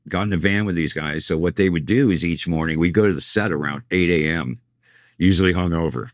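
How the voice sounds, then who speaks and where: A middle-aged man with a very deep voice tells road stories at a relaxed, rambling pace. He slips into quoted lines as he goes. The sound is close and dry. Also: a little fast, dry recording. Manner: rambling anecdotal storyteller, acts out quoted lines. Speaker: tour manager and guest. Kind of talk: casual storytelling interview.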